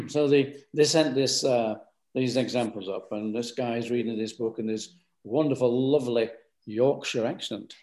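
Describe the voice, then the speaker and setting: A man's voice: mid-range voice, measured pace, a little mellow. A man with a northern English accent, an author chatting as a guest, rambling and often repeating words. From north of England. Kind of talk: casual interview chat.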